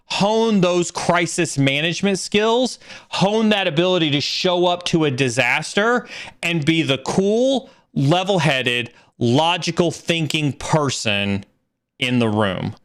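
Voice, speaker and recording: A middle-aged man hosting a casual livestream Q&A, answering career questions and telling stories with lots of fillers and restarts. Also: fairly high pitch. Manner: animated storyteller, fillers and restarts.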